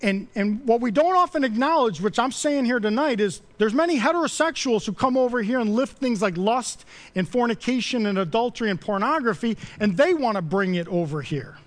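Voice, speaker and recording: A middle-aged male pastor delivering a sermon at a church podium. His voice sits high for a man and leaps all over the place, punching out lists of sins before dropping low and soft. He preaches with fervent, insistent emphasis. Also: animated, a little fast. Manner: passionate, emphatic preaching with sudden drops to quiet.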